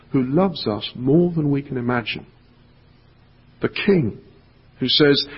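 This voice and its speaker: Husky-voiced male pastor preaching. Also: medium pitch. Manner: earnest, dropping to a hushed voice for emphasis. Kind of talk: sermon with storybook reading. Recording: echoey hall, dull lo-fi sound.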